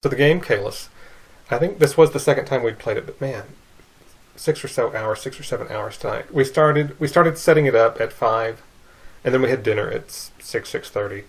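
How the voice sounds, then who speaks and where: A man's voice: medium pitch, moderate pace, slightly rough. A man casually recounting a long board game night in a weary, chatty way. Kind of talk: casual recap to camera.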